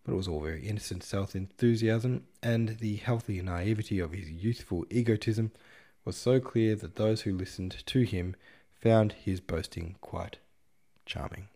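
A man's voice: lowish voice, normal speed, warm tone. A man narrating a classic novel in a wry, slangy retelling. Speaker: podcast host reading a novel. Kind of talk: audiobook narration.

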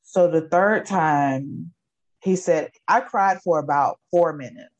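A woman's voice: sits low, slow pace. A woman in her forties, an educator, giving an emotional personal testimony in an earnest, repetitive storytelling way. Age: 40s. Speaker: guest, educator.

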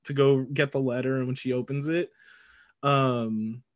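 A man co-hosting a casual movie podcast, recapping scenes in a lively, joking way with frequent laughs and casual swearing. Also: medium pitch, a little slow. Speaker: podcast co-host.

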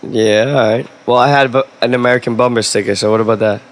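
A man's voice: medium pitch, steady tone, fast talker. A man co-hosting a podcast, joking and tossing out provocative questions. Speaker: podcast co-host. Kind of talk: casual podcast chat.

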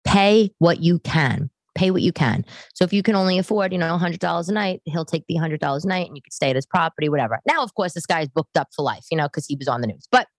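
Very fast and animated with few pauses, a low-pitched woman in her thirties from New York rambles self-deprecatingly to camera. The podcast host is in her living room on a home camera setup, with no echo.

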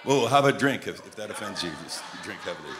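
An older male preacher from Montreal, telling humorous stories in his sermon and rising to loud, emphatic peaks. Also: fairly low pitch, lively intonation, fast, faint music behind. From Montreal, Canada.

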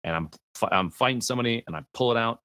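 A man, a guest streamer on a gaming podcast, telling animated stories and acting out quotes. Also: medium pitch, racing, no room sound. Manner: animated storyteller, acts out quotes. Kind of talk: podcast conversation.

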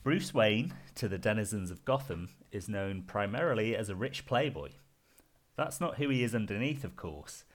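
A man's voice: fairly low pitch, animated, moderate pace. A British man hosting a podcast panel, mixing casual chat with wry scripted segments and frequent laughs. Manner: wry, laughs often, dry asides. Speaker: podcast host.

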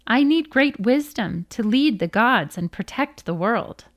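An earnest male god answers calmly and with quiet resolve, voiced by a woman reading aloud. He speaks slowly and evenly. The sound is close and dry. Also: on the high side, dry recording. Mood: pleading. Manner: calm, earnest. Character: calm, determined male god on a quest.

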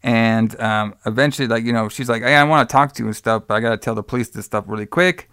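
This co-host is a fast talker with a medium-pitched, fairly bright, clear and resonant voice, captured in clean studio sound with no room echo. Chatting casually, he retells a horror movie in a loose, wandering way, swearing freely and voicing the characters.

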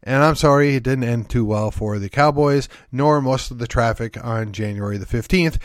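A Wisconsin man hosts his own podcast, delivering an opinionated political monologue in a folksy, emphatic and sardonic style. He speaks at normal speed in a medium pitch, recorded dry with studio quality.

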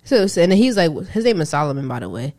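Blunt, mocking woman with a lively voice. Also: deep voice, fast. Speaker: podcast co-host. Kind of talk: casual chat.

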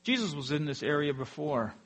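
A male pastor delivers a sermon in an earnest, measured way. His voice sits slightly high, and he lets each phrase sink quietly at the end. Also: sing-song. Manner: earnest, drops softly at phrase ends.

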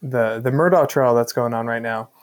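A man's voice: mid-range voice, moderate pace. A man co-hosting a podcast in casual chat, easygoing and explanatory. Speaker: podcast co-host.

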